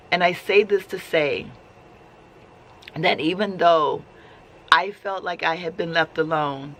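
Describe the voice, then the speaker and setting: Bright-voiced woman telling a heartfelt story. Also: sits low, measured pace, a little hiss or hum. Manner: heartfelt, conversational, with restarts. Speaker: vlogger sharing faith testimony. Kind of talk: casual spoken storytelling.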